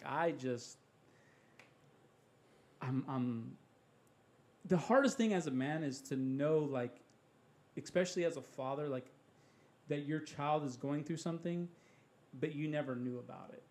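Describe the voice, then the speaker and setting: A man with a slightly high voice, talking as a podcast guest. He shares a faith testimony in an earnest, heartfelt way and speaks like a father of young children. He sometimes slips into voicing his own prayers. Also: normal speed, darkish tone.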